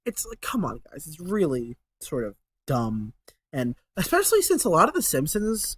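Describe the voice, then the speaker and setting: Man host, rambling sarcastic chat, lively up-and-down pitch, dead dry sound. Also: unhurried, no echo. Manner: rambling, sarcastic, swears, many fillers. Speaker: channel host. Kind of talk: casual rambling monologue.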